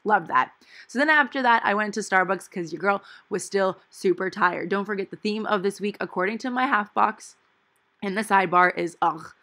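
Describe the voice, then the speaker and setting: Talking at a moderate pace in a medium-pitched voice with a sharp tone, a young woman in her twenties narrates her planning session. She's a planner vlogger and dental hygiene student who rambles casually through her week, dropping in playful asides.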